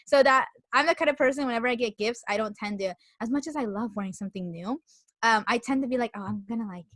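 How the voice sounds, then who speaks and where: A woman's voice: on the high side, fast, a bit bright, no echo, clean studio sound. A young woman co-hosting a podcast, chatting casually and telling stories animatedly with lots of likes and laughter. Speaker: podcast co-host. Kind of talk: casual chat.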